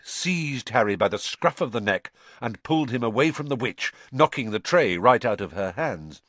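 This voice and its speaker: A man reading an audiobook in an animated storytelling manner. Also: mid-range voice, normal speed, hardly any pauses, dry recording. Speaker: audiobook narrator. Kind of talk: scripted narration.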